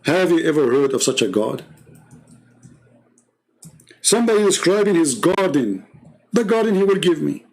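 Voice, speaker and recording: A man's voice: a little high, very animated, moderate pace, creaky, pauses often, a little mellow. A man hosting a live debate stream, delivering a heated, scornful monologue full of mocking rhetorical questions.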